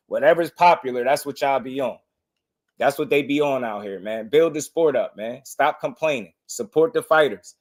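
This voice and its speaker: A man hosting a boxing livestream, delivering a heated, impassioned rant to his viewers and hammering the same points again and again. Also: mid-range voice. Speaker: boxing channel host.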